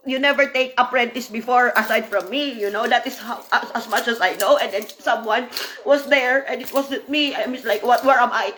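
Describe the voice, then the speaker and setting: High-voiced woman venting emotionally. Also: a bit bright. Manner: emotional, repeats herself, frequent "you know". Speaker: former apprentice. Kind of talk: emotional personal vlog monologue.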